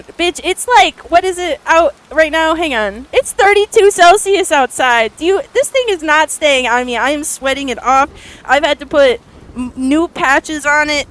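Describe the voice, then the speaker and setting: Chatty woman streamer, bright high voice. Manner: rambling, chatty storytelling with frequent "like" and casual swearing. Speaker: art streamer. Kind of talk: casual chat to live viewers.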